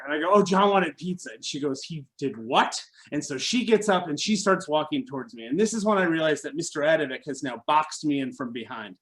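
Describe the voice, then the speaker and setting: A man telling a personal story at a live storytelling event, wry and animated, acting out what others said. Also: on the high side.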